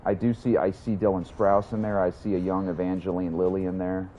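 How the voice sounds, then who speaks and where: A man's voice: sits low, level tone, brisk, dark tone, a little hiss or hum. A young man chatting casually while livestreaming a game, rambling, swearing and answering his chat. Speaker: streamer.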